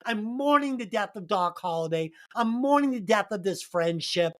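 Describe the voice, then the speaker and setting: Woman co-host, casual movie-review banter, heavy swearing, emphatic and animated delivery. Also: medium pitch, moderate pace. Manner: profane, animated, emphatic storytelling. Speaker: podcast co-host.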